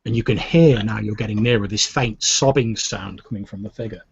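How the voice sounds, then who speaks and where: A man narrating a tabletop game as game master, describing scenes in a measured way. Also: on the low side, vocal fry, slightly rough, no room sound, dull audio. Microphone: desk USB microphone.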